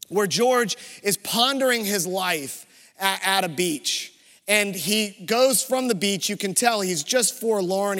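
A man preaching a sermon as pastor, telling stories in a lively way. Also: high-pitched, long reverb tail.

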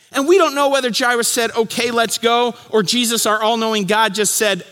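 A man preaching a sermon as pastor, telling the story vividly and dropping to a hush for key lines. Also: very high-pitched, steady tone, fairly quick, few pauses, long reverb tail.

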